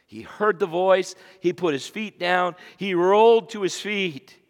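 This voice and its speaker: High-voiced preacher in a reverberant church. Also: male voice, unhurried, hardly any pauses. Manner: dramatic swings from loud emphasis to hushed whispers. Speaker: pastor. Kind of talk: sermon. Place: church sanctuary. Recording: long reverb of a large church.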